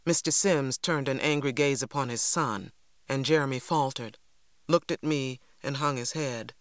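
A reader narrating a novel in a measured, dramatic storytelling manner. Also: mid-range voice, no room sound, clean studio sound. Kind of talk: audiobook narration.

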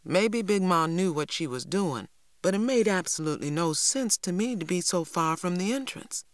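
A woman reading a story aloud in first person, measured and unhurried. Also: lowish voice, animated, no echo, studio quality. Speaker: audiobook narrator. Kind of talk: scripted first-person narration.

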